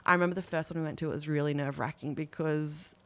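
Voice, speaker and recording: A young New woman co-hosts a relaxed podcast chat. She asks questions and reacts in a friendly way. Her voice sits slightly low. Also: very fast. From New Zealand. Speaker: podcast co-host and rugby league player. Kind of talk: casual chat.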